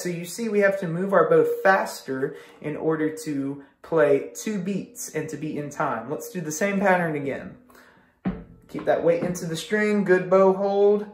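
A string teacher speaks slowly and patiently, counting out beats for an online lesson. The room is echoey, and a violin plays faintly underneath. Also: medium pitch.

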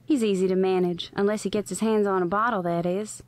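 A woman voices a playful, flirty suburban hostess from a video game who teases in a slow, coy drawl. Her voice is dry and close, with no room around it. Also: mid-range voice, steady tone, a little mellow, dry recording, natural voice. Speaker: game character.

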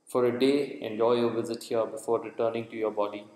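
Man voicing wise calm lama guide, measured solemn delivery, echoey reverb. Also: medium pitch, close to an everyday voice. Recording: echoey room with long reverb.

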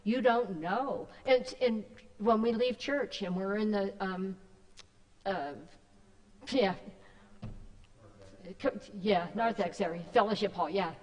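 A woman's voice: medium pitch, slow, long pauses, highs cut off. Chatty woman talking to a church group, lots of ums, echoey hall sound. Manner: chatty, rambling, with many fillers and restarts. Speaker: guest speaker. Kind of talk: casual talk to a church group.

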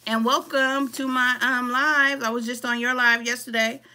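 A woman's voice: on the high side, moderate pace. A woman hosting a live crochet tutorial in a casual, chatty way, greeting viewers by name and reading out their comments as she works. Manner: casual and relaxed, calls viewers "y'all". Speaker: crochet-along host. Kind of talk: live-stream craft tutorial.

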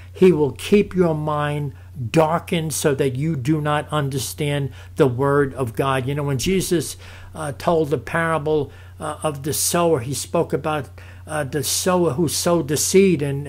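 A man giving a fervent preaching testimony, calling his listeners "folks" again and again. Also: on the high side. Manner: fervent, repeats "folks" often.

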